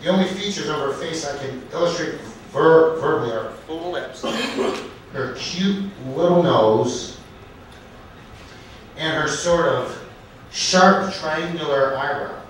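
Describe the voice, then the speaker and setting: A man at an open mic night in a comedy club, telling a story in a halting, deliberate way and correcting himself as he goes. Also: fairly high pitch, a little hiss or hum. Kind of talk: storytelling stand-up set. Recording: echoey club recorded from far off.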